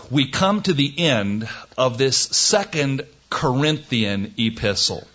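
A man's voice: mid-range voice, animated, slow, hardly any pauses, fairly bright tone, highs cut off. A man teaching through a Bible passage in a sermon, earnest and folksy, rising to emphatic, incredulous questions. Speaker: pastor.

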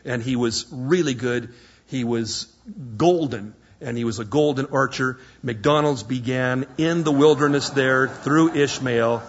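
A hoarse man preaching a sermon, retelling Bible stories with lively acted-out voices. His voice is husky and the recording sounds dull and lo-fi. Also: mid-range voice, unhurried. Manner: animated storytelling, acting out biblical voices. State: hoarse, coughing.

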